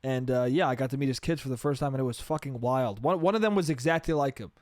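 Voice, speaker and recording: A man's voice: medium pitch, fast talker, darkish tone, dry recording. A man from New York State hosting a solo podcast, rambling, swearing and laughing at himself. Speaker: podcast host.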